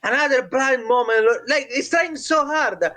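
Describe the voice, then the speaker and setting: High-voiced, teasing male esports caster. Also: a little slow, sharp tone. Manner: mocking, teasing, prone to laughter. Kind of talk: casual game commentary.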